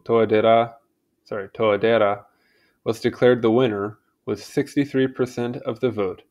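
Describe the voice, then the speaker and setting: A man's voice: mid-range voice, darkish tone. Casual man reading aloud. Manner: stumbles over names, chatty asides. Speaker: channel host reading aloud. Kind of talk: casual read-aloud with asides.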